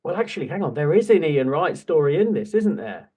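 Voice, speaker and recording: A man chats as a podcast co-host, storytelling in a loose, animated way. He laughs often and drops the odd swear word. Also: fairly high pitch, brisk, slightly rough. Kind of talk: casual chat.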